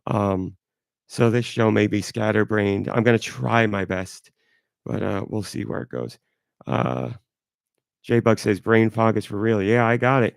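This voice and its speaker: A sick man hosting a live podcast with a hoarse, stuffy voice, rambling and apologetic. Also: on the low side, measured pace, no echo, clean studio sound. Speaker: podcast host. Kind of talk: casual live podcast chat.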